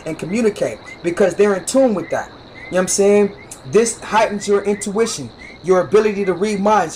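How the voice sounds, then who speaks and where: A man's voice: high-pitched, a little mellow, a little hiss or hum, rough recording. A man teaching spirituality on a livestream in a repetitive, profane, emphatic way, often asking "you know what I'm saying". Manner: emphatic and instructive, demonstrates with hand gestures. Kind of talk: preachy livestream monologue.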